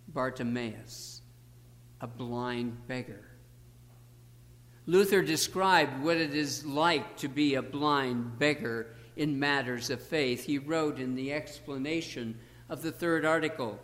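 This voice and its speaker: Slow, deliberate male preacher in a reverberant church. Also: fairly high pitch, a bit bright. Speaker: pastor. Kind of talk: sermon.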